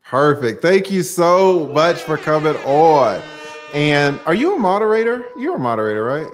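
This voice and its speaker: An animated man hosts a live-stream panel, chatting casually. His voice sits a bit high, and he keeps things loose with plenty of filler sounds between thoughts. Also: moderate pace, faint music behind.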